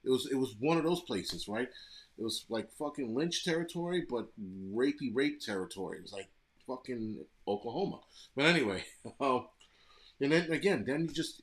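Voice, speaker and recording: Brief: American man, mid-pitch, profane live-stream host, blunt ranting. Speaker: livestream host reading chat. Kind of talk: profane casual live chat.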